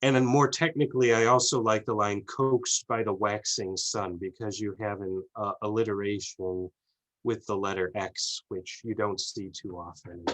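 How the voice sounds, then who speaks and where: A man reading his own poem aloud in a measured, deliberate way. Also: lowish voice, fairly even intonation, a bit bright, poor audio. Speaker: poet.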